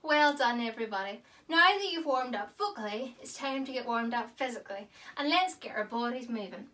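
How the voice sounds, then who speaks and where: A woman leading children through a physical warm-up in an online drama class, in a lively, instructive way. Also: a little high, a little fast, distant mic. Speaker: drama teacher.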